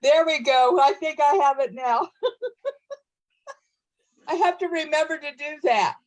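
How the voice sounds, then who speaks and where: A woman co-hosting an online show over a video call, chatty and quick to laugh. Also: sits high, expressive, a little mellow, poor audio. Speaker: co-host. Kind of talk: casual online show chat.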